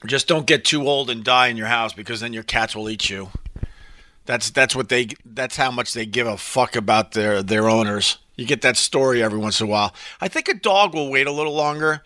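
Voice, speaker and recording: A man hosts a live stream in an offhand, rambling chat, swearing freely as he answers viewer comments. His voice is strikingly bright and forceful. It sounds dry and close, with no room sound. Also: mid-range voice, fairly quick, no echo. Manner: loose and profane, with rambling asides.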